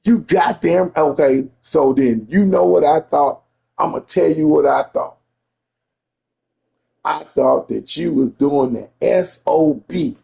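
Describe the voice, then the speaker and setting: A man's voice: fairly high pitch, takes it slowly, vocal fry, mellow. A man telling a story in a casual, profane rant to a friend, emphatic and repeating himself.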